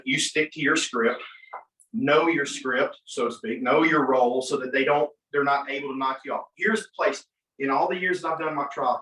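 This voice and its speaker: Lawyer guy teaching a class, acts out court bits, kinda far from the mic, roomy echo. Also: medium pitch. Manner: animated, acts out courtroom exchanges. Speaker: attorney, guest speaker. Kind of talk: classroom coaching talk. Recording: echoey room, mic from far off.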